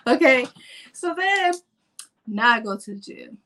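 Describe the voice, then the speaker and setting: Woman in her forties, casual vlogger; playful, animated delivery, slightly high pitch. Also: slow, long pauses. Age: 40s. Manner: animated, playful, acts out her own inner voice. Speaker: fitness vlogger. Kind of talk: casual vlog talk to camera.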